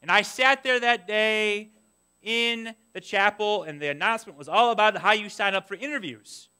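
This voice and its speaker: A young adult man preaching a sermon, telling a personal story in an animated way and acting out his own past complaints. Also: high voice, normal speed, clean tone. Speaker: pastor.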